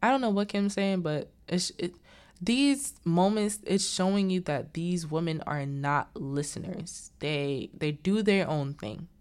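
A woman's voice: lowish voice, clean tone. A woman chattily recapping a movie's plot, wandering into asides and acting out the characters' lines. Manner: animated, acts out the characters' lines in quick voices.

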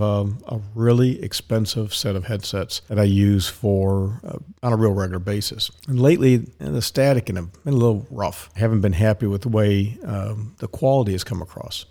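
Guy rambling thru his podcast intro, lowish voice, mellow, lots of ums. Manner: rambling, chatty, with many fillers and restarts. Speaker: podcast host. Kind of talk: casual solo podcast talk. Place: office.

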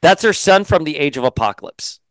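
A male host chatting casually in an interview, lively and quick to mock characters in put-on voices. His voice is smooth and resonant, recorded close and dry. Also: fairly high pitch, no echo. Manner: animated, swears, does mocking voices. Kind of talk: casual video-call interview.

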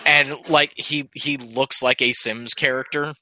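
A man co-hosting a casual podcast, jumping in with eager, quick asides. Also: medium pitch, fairly even intonation, bright, forceful tone, no echo, poor audio. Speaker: podcast co-host. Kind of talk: casual chat.

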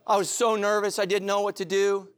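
A middle-aged man preaching a sermon, telling stories animatedly, moving between loud excitement and low, earnest intensity. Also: brisk, clear, resonant tone. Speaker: pastor.

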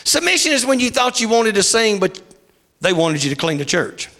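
A man preaching a revival sermon, shouting in a sing-song cadence, his voice wearing out. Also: high-pitched, sing-song, normal speed.

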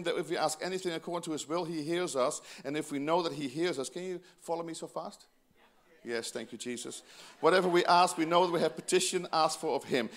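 Guy preaching in church, high voice that swings all over, cracking jokes. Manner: lively, joking preaching with asides to the congregation. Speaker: pastor. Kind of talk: sermon.

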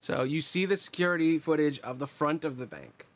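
A man's voice: on the high side, fairly quick. Casual man narrating as game master. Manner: relaxed, rambling descriptions with fillers.

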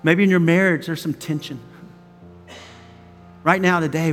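A middle-aged male pastor preaches in an earnest, chatty way, drifting into stories and asides as he goes. His voice sits high for a man. It rings out with a long hall echo, with faint music beneath. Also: fairly even intonation, measured pace, long pauses, a bit bright. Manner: conversational and earnest, storytelling with asides. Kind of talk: sermon.

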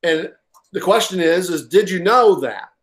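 A man's voice: high-pitched, lively intonation, measured pace, fairly bright tone. A man preaching a sermon, reading from a workbook and stressing his points with repeated words and restarts. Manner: reads aloud from a workbook. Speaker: pastor.

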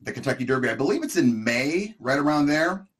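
A man's voice: mid-range voice, sing-song, a little fast, a bit bright. A middle-aged man co-hosting a casual chat, telling a long comic story with exaggerations and asides. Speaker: co-host.

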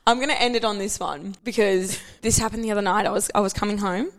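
A woman's voice: mid-range voice, fairly even intonation, quick pace. A young Australian woman co-hosting a podcast, telling stories with dry jokes and casual swearing. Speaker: podcast co-host. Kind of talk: casual chat.

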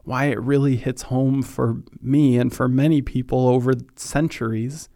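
A man talks through a faith podcast in a measured, reflective way. His delivery is slow and fairly flat in pitch, and it grows quieter on the solemn moments. The sound is dry and close, with no room echo. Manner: earnest, thoughtful, slows down on solemn points. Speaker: podcast host.

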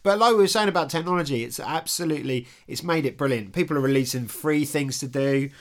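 A podcast host chatting with a guest in an easy, jokey way. The host often breaks into laughter partway through a sentence, then slows right down to read passages aloud. The voice sits at a middling pitch. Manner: reads book passages aloud slowly. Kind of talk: casual chat interview.

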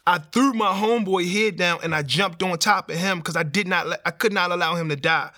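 A young man, telling his personal testimony in a streetwise, animated way with slang. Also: sits high, a little fast. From Baltimore. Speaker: testimony speaker.

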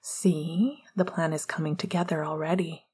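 A woman voicing a playful man flirting while he cooks, in a soft, hushed delivery in an audiobook reading. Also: a little high, fairly even intonation, normal speed, breathy edge. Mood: teasing. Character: teasing flirtatious man cooking.

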